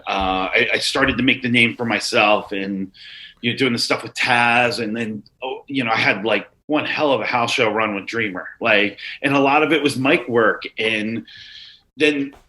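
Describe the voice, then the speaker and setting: Male, 40s, bright edgy timbre; rambling, profane podcast guest storyteller. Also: mid-range voice, measured pace, poor audio. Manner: animated, profane, rambling anecdotes. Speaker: guest, former wrestler. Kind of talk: casual storytelling.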